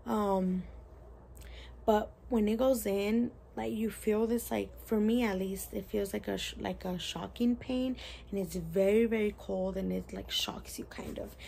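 A woman's voice: mid-range voice, steady tone, a little slow, gravelly, mellow, slight background noise. A young woman casually telling a story to camera in a chatty, rambling way, full of "like" and "you guys". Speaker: vlogger.

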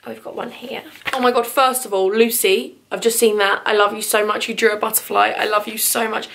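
A young woman from England talks straight to her viewers in a vlog, gushing and close to tears. Her fairly high voice has a gravelly fry running through it, and her emotion spills over into every thank-you. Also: little pitch movement, fairly quick, fairly bright tone. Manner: gushing, tearful, effusive. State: teary. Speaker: vlogger.

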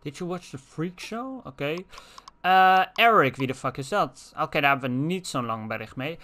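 A man's voice: fairly high pitch, lively intonation, moderate pace, pushed and bright. A young man doing casual gameplay commentary, reading in-game text messages aloud with crude jokes and asides. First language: Dutch. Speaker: let's player.

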